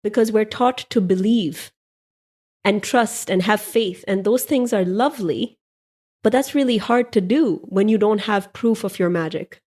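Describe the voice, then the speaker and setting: A woman's voice: medium pitch, unhurried, a little mellow. Playful irreverent woman podcaster. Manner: playful, irreverent, laughs often. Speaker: podcast host. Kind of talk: spiritual monologue.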